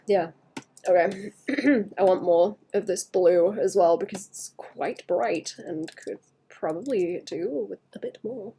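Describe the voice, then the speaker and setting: A woman's voice: medium pitch, a little mellow, a little hiss or hum. A woman streaming a digital painting session, chatting casually and muttering to herself as she works, often trailing off mid-thought. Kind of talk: casual chat while drawing.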